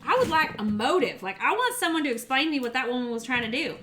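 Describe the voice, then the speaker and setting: Woman, casual cooking stream host, giggly and rambling, somewhat high voice, heavy background noise. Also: lively intonation, fast. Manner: chatty, giggly, rambling, talks to viewers while cooking. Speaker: cooking livestreamer. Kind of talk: casual cooking livestream chat. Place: home kitchen.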